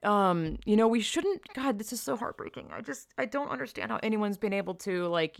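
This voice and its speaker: A woman's voice: mid-range voice, expressive, fairly quick, vocal fry, few pauses, no room sound, clean studio sound. A young woman hosting a podcast, talking bluntly and emphatically with frequent swearing and exclamations. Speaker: podcast host. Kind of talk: casual opinionated podcast commentary.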